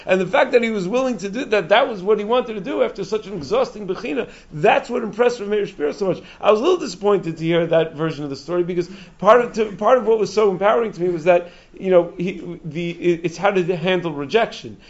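A man telling stories in a Torah talk, animated, chuckling and often restarting his sentences. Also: high-pitched, fast, few pauses. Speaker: speaker giving a Torah talk. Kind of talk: storytelling talk. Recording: dull lo-fi recording.

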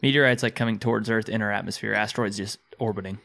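A man's voice: lowish voice, steady tone, quick pace, gravelly, pushed and bright. A young man in casual podcast chat, laughing often and swearing while telling stories.

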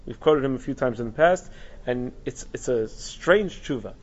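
A man's voice: medium pitch, expressive, moderate pace, muffled recording. A man teaching a Torah class, thinking aloud with frequent restarts and asides. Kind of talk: recorded Torah lecture.

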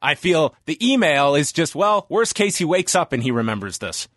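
A man's voice: on the high side, very animated, moderate pace, a bit bright, dry recording, clean studio sound. A man hosting a podcast, chatting casually and enthusiastically with his guest. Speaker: podcast host. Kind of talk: casual interview chat.

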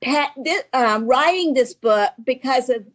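A woman with a Southern US accent, an author guest telling stories in halting talk with many restarts and laughs. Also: high voice, animated, fairly bright tone. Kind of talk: casual storytelling talk.

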